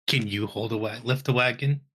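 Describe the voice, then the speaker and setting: A man's voice: mid-range voice, a little fast, a bit bright, breathy edge. A man playing a tabletop game in character, thinking aloud with hesitant restarts.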